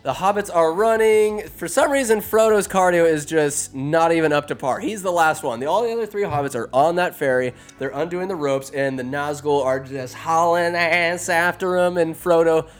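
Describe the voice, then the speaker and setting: A man talking through a fantasy movie in a loose, joking recap, his voice sitting a little high. He jumps between wry asides and bursts of excitement, tossing in quick character voices. Faint music plays under his talk. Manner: animated and sarcastic, puts on quick voices for characters. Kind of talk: casual comedic movie recap. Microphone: phone or desk mic, recording alone.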